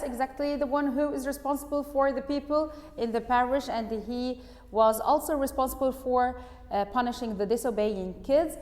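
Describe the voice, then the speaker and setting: A woman's voice: a little high, darkish tone, in a large hall. A woman English teacher, reading a storybook aloud and patiently explaining words and asking the class questions.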